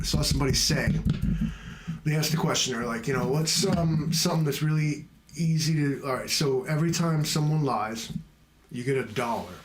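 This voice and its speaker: Male streamer, mid-pitched, loose self-mocking ramble, roomy echo. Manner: wandering, jokey, self-mocking. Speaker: livestream host. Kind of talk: rambling casual livestream chat.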